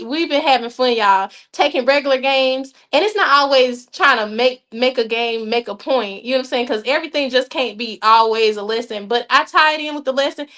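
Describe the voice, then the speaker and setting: High voiced woman on a podcast, lively and laughy, chatty asides to the listeners about her kids program. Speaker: youth program leader, guest. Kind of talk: casual podcast chat.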